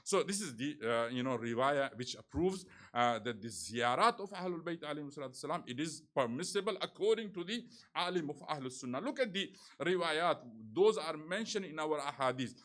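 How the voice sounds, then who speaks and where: Earnest male preacher, high-pitched. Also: lively intonation, a little fast, fairly bright tone. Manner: earnest storytelling with frequent fillers, rising emphasis. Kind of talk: sermon.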